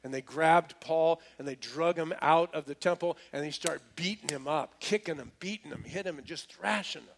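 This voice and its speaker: A man's voice: on the high side, moderate pace, creaky, few pauses, slight background noise. A man preaching a sermon, retelling a story casually with slang and repeated restarts. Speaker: pastor.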